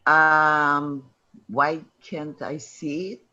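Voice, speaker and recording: A woman's voice: low-pitched, level tone, drawn-out words, bright, forceful tone. An older woman, a guest, joining a video call and a bit hesitant with the setup. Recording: dull lo-fi video call audio.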